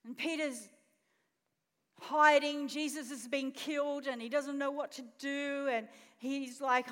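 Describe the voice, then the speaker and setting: High-voiced woman preaching. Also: a little slow. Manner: expressive storytelling, asks the congregation questions. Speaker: pastor. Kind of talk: sermon. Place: church auditorium. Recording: long reverb in a church hall.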